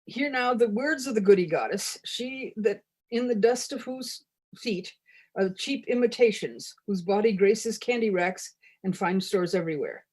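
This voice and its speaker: A woman's voice: mid-range voice, moderate pace, darkish tone, natural voice. A woman reading as a pompous chocolate goddess. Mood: mock-solemn. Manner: mock-solemn, scriptural cadence. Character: grandiose mock-solemn chocolate goddess. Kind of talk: reading a humorous parody text aloud.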